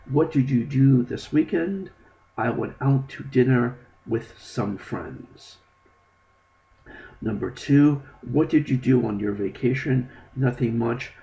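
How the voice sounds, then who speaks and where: A man, an English teacher, walks through a textbook lesson one step at a time. His sentences often trail off softly. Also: mid-range voice, gravelly, highs cut off, slight background noise. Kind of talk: recorded online textbook lesson.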